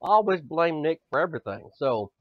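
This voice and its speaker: This thirtysomething podcast co-host has a slightly high, sing-song voice and talks a little fast. Loose and foul-mouthed on the comedy show, he veers from mock bragging into joking gloom, and the recording is dull, lo-fi, dry and close.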